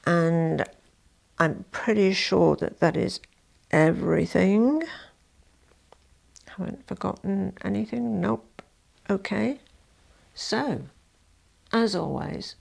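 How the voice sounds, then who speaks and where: Woman vlogging, low gravelly voice, chatty and self-deprecating, lots of asides. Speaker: fashion vlogger. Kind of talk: casual chat to camera.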